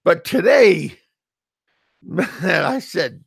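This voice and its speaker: A middle-aged man from the United States, an expat vlogger, drifts through a humorous, rambling monologue, often chuckling, stammering and repeating himself. His somewhat high voice is expressive and a bit bright, with vocal fry, and he takes his time. There's no echo on the recording.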